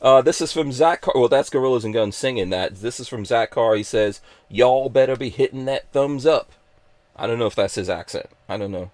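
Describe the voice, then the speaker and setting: A man's voice: lowish voice, fast, hardly any pauses, dry recording. Joking, upbeat male podcast host. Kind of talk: casual live-stream chat.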